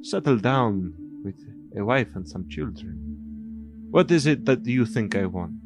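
A man's voice: lowish voice, animated, unhurried. A man playing a shrewd, formal bargaining adventurer. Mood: skeptical. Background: ambient music with singing bowl.

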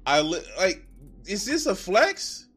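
A man streaming live, reacting to videos with loose, profane, excitable commentary that keeps tipping into giggles. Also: high voice, slow, husky, faint music behind. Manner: excitable, swearing, breaks into giggles.

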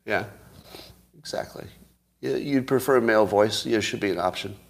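A man's voice: lowish voice, normal speed, gravelly. A man from California hosting a show, chatting casually and joking as he rambles between topics. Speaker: host. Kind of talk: casual chat with listeners.

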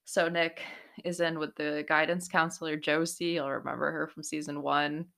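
A woman's voice: low voice, level tone, moderate pace, gravelly, fairly bright tone. A young woman recapping a TV episode in casual, chatty talk, swearing freely and breaking into exclamations. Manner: chatty and profane, exclaiming in bursts. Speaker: TV recap host.

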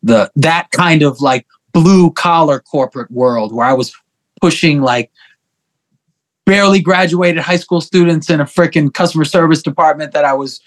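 A middle-aged man chats as an interview guest, telling stories in an animated, profane way. His voice sits a bit higher than most men's. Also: normal speed. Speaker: guest musician. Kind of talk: casual interview chat.

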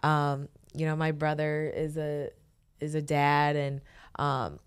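Young woman boxer on a podcast, low smooth voice, brash and animated. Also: slow. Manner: animated storytelling, confident trash talk. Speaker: boxing champion guest. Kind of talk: casual interview chat.

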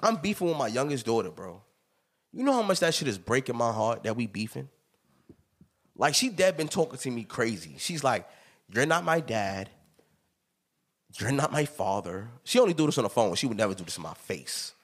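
A man in his thirties hosting a podcast, telling stories in an emphatic, animated way with plenty of laughter. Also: mid-range voice, a little fast, breathy edge. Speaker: podcast host. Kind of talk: casual chat.

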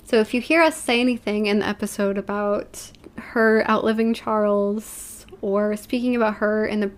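A woman co-hosting a podcast in relaxed, casual chat, sharing her views and murmuring agreement. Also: medium pitch, normal speed. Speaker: podcast co-host.

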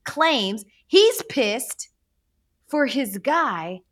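A woman in her thirties co-hosting a sports chat, talking frankly and with mock exasperation. Her pitch moves a lot, rising and falling as she tells a story. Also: sing-song, drawn-out words. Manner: chatty, exasperated, candid. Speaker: co-host. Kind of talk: casual sports talk.

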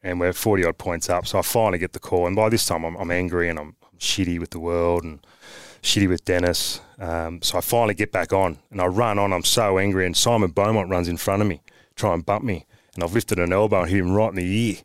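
A man's voice: low voice, quick pace, clear, resonant tone, no echo. Dry-voiced Australian man telling blunt stories. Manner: animated, blunt anecdotes with mild swearing. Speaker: podcast guest, former footballer. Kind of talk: casual storytelling chat.

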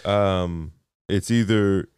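Smooth, low-voiced young male co-host. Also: fairly even intonation, drawn-out words, darkish tone, no room sound, clean studio sound. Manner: laid-back, asks questions, chuckles easily. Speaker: podcast co-host, son. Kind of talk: casual podcast chat. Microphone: studio mic with headphones.

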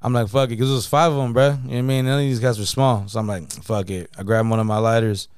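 A man rattling off a story at a brisk clip, loose and slangy, peppered with profanity and "you know what I mean." His voice comes through smooth and clean, dry and close to the mic, in a middle register. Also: medium pitch, fairly even intonation, a little mellow, dry recording. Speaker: podcast co-host. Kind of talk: casual storytelling chat.

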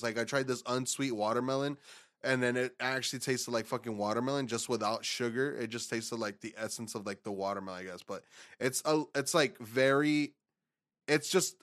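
A man's voice: mid-range voice, fairly bright tone. A man, co-hosting a podcast in loose, profane, rambling chat. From Texas. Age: 20s. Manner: profane, laid-back, rambling. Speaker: podcast co-host. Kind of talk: casual chat.

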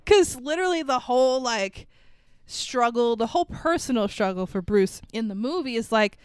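Lively laughing woman podcast co-host. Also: on the high side, normal speed, smooth, no echo. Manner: animated, laughing, swearing. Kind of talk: casual chat.

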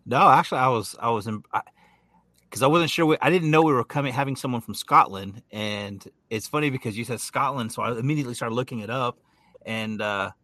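A man's voice: medium pitch, brisk, bright, forceful tone, dry recording. A man co-hosting a podcast chat who jokes around and restarts his sentences often. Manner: joking, chatty, trips over his words. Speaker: podcast co-host. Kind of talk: casual chat.

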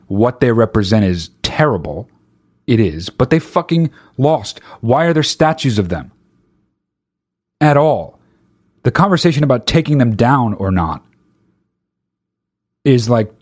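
A comedian doing a stand-up rant, talking in an exasperated, profane and rhetorical way. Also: male voice, medium pitch, a little mellow.

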